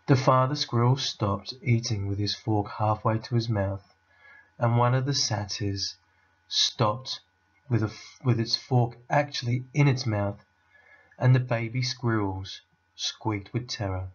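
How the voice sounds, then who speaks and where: A man, a teacher, reading a children's novel aloud to his class in a steady, unhurried way. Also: lowish voice, muffled recording.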